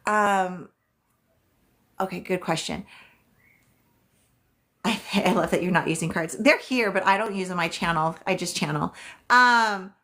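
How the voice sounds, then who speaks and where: A woman's voice: fairly low pitch, a bit bright. A woman working as a psychic reader, hosting a casual live stream where she answers viewers' questions in a chatty way, with many "um"s and "like"s.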